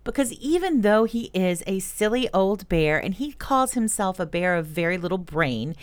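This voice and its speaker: A woman's voice: mid-range voice, expressive, moderate pace, clear, resonant tone. A woman hosting a children's music podcast, telling young listeners about the songs in a storytelling way. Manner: warm storytelling, speaks directly to young listeners. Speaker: host.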